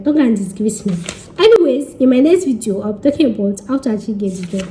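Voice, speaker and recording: A young Nigerian woman chatting to camera in a casual vlog, her voice high-pitched yet soft and mellow. She teases and speaks straight to her viewers, dropping into pidgin as she goes. A faint hiss of noise sits under her voice. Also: expressive, quick pace. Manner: chatty, teasing, addresses viewers directly, slips into pidgin. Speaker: vlogger giving relocation advice.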